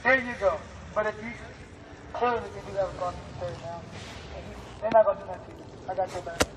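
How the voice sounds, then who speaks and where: High-voiced man rallying a crowd outdoors. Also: brisk, noisy background. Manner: emphatic, streetwise, profane. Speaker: protest organizer. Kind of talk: addressing a crowd. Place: outdoors in a park. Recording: muffled street recording.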